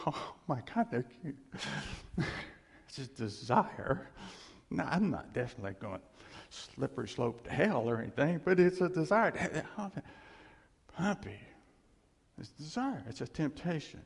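An older man giving a casual, folksy sermon, chuckling often and teasing himself, with a gravelly voice. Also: on the high side, very animated, unhurried, pauses often. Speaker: preacher. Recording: reverberant hall.

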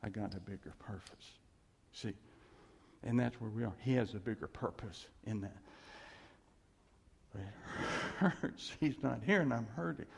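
Animated gravelly man preaching in a hall. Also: mid-range voice, unhurried. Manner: animated, acts out quotes, laughs often. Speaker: pastor. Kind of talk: sermon. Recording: echoey hall.

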